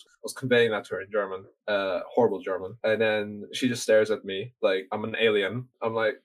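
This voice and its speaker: On the podcast, a young Norwegian guest rambles through a casual story full of fillers and swearing. His voice runs on the low side with a steady tone, moving quickly with few pauses over poor audio.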